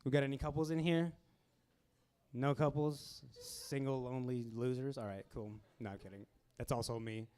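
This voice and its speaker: A young man hosting a stand-up comedy show in a small club, talking casually with deadpan asides and acting out customers. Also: medium pitch, normal speed, smooth.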